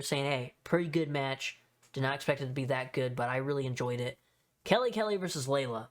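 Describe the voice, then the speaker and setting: A man's voice: on the high side, fairly bright tone. Rambling, casual male podcast host. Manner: rambling, filler-heavy, swears offhandedly. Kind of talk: casual solo podcast recap.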